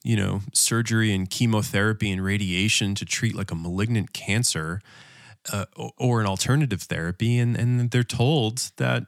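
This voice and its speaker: A man's voice: lowish voice, gravelly, no echo, clean studio sound. A man co-hosting a podcast as a dietitian, joking and exasperated in casual chat. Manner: joking, exasperated, talks fast in bursts.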